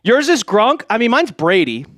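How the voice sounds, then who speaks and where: A man hosting a live sports stream, excitedly reading out donations and shouting, out of breath at times. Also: extremely high pitch, normal speed, no room sound, studio quality. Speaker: livestream host.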